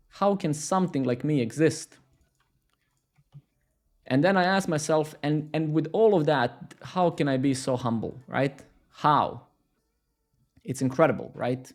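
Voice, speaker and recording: A man hosting a live coding stream, talking casually in a rambling, sarcastic and profane way with lots of self-mockery. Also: a little high.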